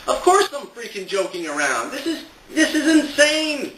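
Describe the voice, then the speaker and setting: A man's voice: high voice, sing-song, brisk, sharp tone, roomy sound, recorded from a distance, a little hiss or hum, low-quality recording. A man ranting sarcastically as a satire blogger, exasperated and laughing at his own points. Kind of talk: ranting monologue to camera.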